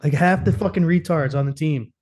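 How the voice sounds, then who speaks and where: Brief: young guy, slightly high voice, swears a lot, loose joking storyteller. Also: brisk, darkish tone. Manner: profane, laughing, storytelling. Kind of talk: casual chat.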